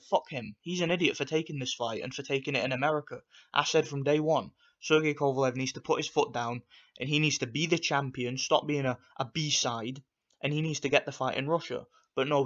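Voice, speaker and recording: A man's voice: mid-range voice, dull audio. A man giving an angry, profane rant as he reviews a boxing fight for his channel, repeating himself and piling on insults. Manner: angry, profane, repetitive ranting.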